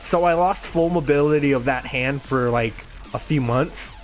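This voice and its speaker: A man's voice: mid-range voice, moderate pace, faint music behind. A man in his twenties telling a casual, rambling story full of swearing and self-mocking laughs. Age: 20s. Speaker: gaming channel host.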